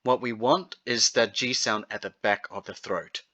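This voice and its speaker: A man teaching pronunciation, slowly repeating each word for practice. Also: lowish voice, fairly even intonation, sharp tone. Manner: slow, deliberate, repeats words for practice. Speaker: language teacher. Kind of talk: pronunciation lesson. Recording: dull lo-fi sound.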